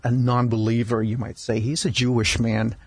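A male doctor in a radio studio interview, telling stories about his patients in a halting way, with frequent restarts and repeated words. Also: mid-range voice, flat delivery, slightly rough, no room sound. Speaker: palliative care doctor, guest. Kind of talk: conversational storytelling interview.

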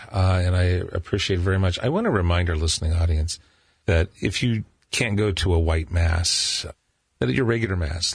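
A man hosts a radio talk show in a very low, gravelly voice. He speaks at a steady, measured pace, and his voice is slightly husky. The recording is dry and close-miked in a studio. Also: dry recording.

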